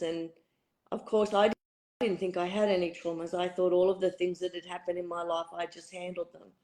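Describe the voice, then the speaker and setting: A middle-aged woman with a hoarse, husky voice, a spiritual retreat facilitator telling her story candidly in an interview. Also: fairly low pitch, darkish tone, rough recording. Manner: candid, reflective, uses fillers. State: hoarse, croaky throat.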